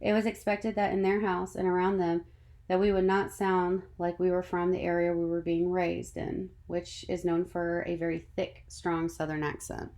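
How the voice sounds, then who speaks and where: A woman in her thirties from North Carolina, narrating a slide presentation as a student presenter in a measured, read-from-script way. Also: on the low side, level tone, darkish tone. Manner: measured, reading a prepared script.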